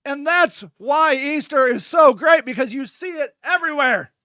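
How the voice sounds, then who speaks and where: A man hosting his own show, rambling irreverently and jokily, vamping to his listeners with sudden shouted bursts. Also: very high voice, expressive, moderate pace, dry recording, clean studio sound. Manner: vamping, talks to his audience. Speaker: host. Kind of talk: casual solo monologue.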